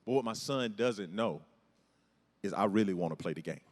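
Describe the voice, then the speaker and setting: A man's voice: lowish voice, moderate pace. A middle-aged man, doing a self-deprecating stand-up comedy set in a large church hall. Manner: storytelling, animated, self-deprecating. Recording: hall reverb from a large venue.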